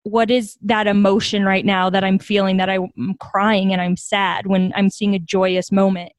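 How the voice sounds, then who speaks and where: A woman's voice: mid-range voice, normal speed, no room sound. A young woman, a nonprofit founder from the United States, telling stories earnestly and reflectively in a podcast interview. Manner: earnest, reflective, animated when quoting others.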